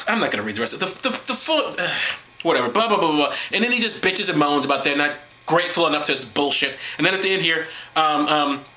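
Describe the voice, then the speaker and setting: A man's voice: on the high side, bright, forceful tone, reverberant. A man hosting a vlog, ranting sarcastically and with lots of swearing while reading through a text. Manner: sarcastic, exasperated, profane. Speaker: vlog host. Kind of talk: ranting commentary on Bible reading.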